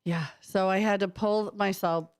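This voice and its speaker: A woman's voice: medium pitch, steady tone, a little slow, dry recording. A woman co-hosting a morning radio show, telling a story in a playful, over-the-top mock-dramatic way, in a casual chat. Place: radio studio.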